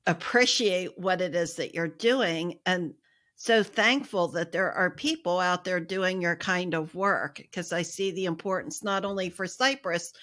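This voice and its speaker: An American woman co-hosting a podcast, who speaks in an effusive, grateful way. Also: lowish voice. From United States. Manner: effusive, warm thanks. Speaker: podcast co-host. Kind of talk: casual chat.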